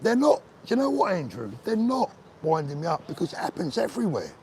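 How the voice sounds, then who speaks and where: A vlogger host with a slightly high voice chats casually into a phone as he walks along a street, reading his live chat and answering viewers by name in easy, bantering talk. He speaks a little fast, and faint street sounds, passing cars, and slight background noise surround him.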